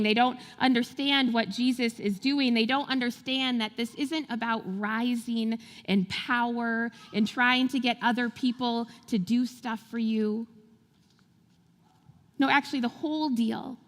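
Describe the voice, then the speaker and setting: Woman preaching in a reverberant church. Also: a little high. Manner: animated storytelling with laughs and acted-out quotes. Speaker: pastor. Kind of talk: sermon. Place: large church sanctuary. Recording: long hall reverb in a church.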